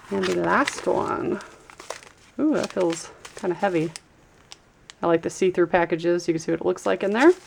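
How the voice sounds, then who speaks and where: A woman talks through an unboxing in a relaxed, chatty way, pausing to read labels aloud. Her voice carries a gravelly rasp at a middle pitch, with crinkling packaging heard now and then. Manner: chatty, trails off while reading labels. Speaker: YouTube vlogger. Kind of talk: casual unboxing chat.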